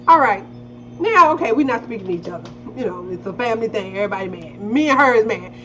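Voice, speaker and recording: Woman co-host, middle-aged, casual and profane, animated storyteller with a wide-ranging voice, lo-fi audio. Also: fast talker, soft background music. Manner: animated, acts out quotes with big pitch jumps; casual, swears freely. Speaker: podcast co-host. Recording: slightly dull lo-fi audio with faint hiss.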